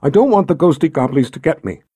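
A man's voice: fairly high pitch, lively intonation, fast talker, dark tone, breathy edge, no room sound, studio quality, voice pushed up. A man reading aloud, voicing a frightened young girl who asks small, pleading questions.

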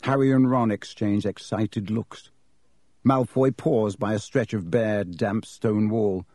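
A man narrating a storybook audiobook in an even, measured reading. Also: lowish voice, no echo, clean studio sound.

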